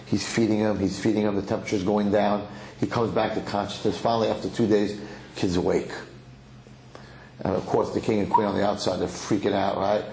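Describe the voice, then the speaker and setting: A man, a rabbi, telling a long story in an animated way and acting out the characters during a sermon. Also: lowish voice, a little fast, reverberant, a little hiss or hum, rough recording.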